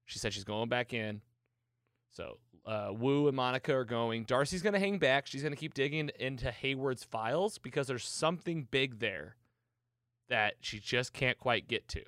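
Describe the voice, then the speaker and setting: A man hosting a casual show, recapping an episode in an excitable, chatty way with lots of fillers. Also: mid-range voice, moderate pace, dry recording, studio quality. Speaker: podcast host.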